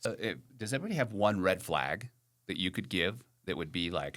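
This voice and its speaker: A man's voice: deep voice, expressive, brisk, a bit bright. A man hosting a podcast in casual chat, frank and rambling, full of "like" and "you know".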